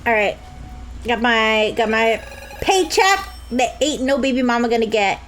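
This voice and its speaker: A young woman streaming a game, joking and laughing a lot with high squeals. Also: lively intonation, measured pace, a bit bright, soft background music. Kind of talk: casual game commentary.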